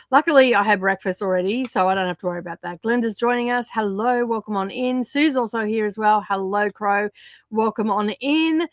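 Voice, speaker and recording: A woman hosting a casual livestream, greeting viewers and chatting, her voice croaky from a sore throat. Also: medium pitch, no echo, clean studio sound. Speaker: livestream host. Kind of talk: casual livestream chat reading out viewer comments.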